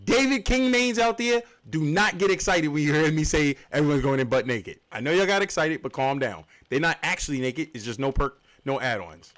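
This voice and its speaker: A man's voice: fairly high pitch, animated, brisk, few pauses, a bit bright. A man hosting a livestreamed game tournament, explaining the rules with joking asides. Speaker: tournament host and caster.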